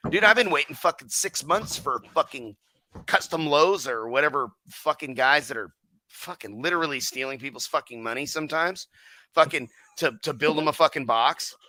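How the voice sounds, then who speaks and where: A man's voice: on the high side, moderate pace, bright, forceful tone, no room sound. A man guesting on a casual podcast about his car audio company, swearing constantly and heatedly acting out his customers' remarks.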